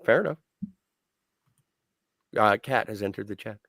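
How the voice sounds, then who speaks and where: Podcast host reading chat, dry sound. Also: male voice, fairly low pitch, lively intonation, unhurried, vocal fry, a bit bright, no echo. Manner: reads out listener chat comments. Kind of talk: casual chat.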